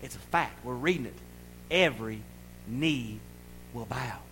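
A man preaching a sermon in a folksy, playful way, building to loud declarations. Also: mid-range voice, measured pace, a little hiss or hum, poor audio. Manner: folksy, playful preaching with acted-out voices and rising shouts. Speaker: pastor.

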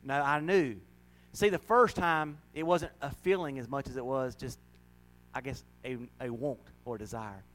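A middle-aged man preaching a folksy, emotional sermon, breaking into laughs and sudden loud, high rises. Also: moderate pace, a little hiss or hum, low-quality recording. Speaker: pastor.

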